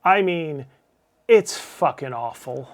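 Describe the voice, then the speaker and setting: A man's voice: fairly high pitch, animated, slow. A middle-aged man, a channel host, reading a scripted film review with blunt, profane opinions and wry asides. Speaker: channel host, game publisher.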